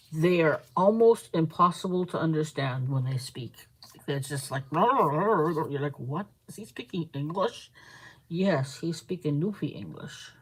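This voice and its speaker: A woman's voice: low voice, rough recording. A woman hosting a casual live stream, rambling and chatting with viewers as she reads their comments aloud. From Canada. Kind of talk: casual live-stream chat while crafting.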